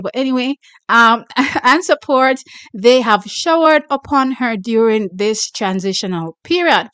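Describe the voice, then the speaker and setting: Excitable Jamaican woman hosting sports news. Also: on the high side, measured pace, smooth, dry recording. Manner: excitable, hyping, reads a press release aloud with asides. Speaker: sports channel host. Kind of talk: casual track-and-field news commentary.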